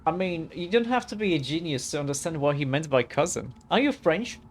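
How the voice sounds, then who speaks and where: A man's voice: on the high side, expressive, quick pace. A young man casually commenting over a video game, rambling and thinking aloud with lots of fillers. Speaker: let's play commentator.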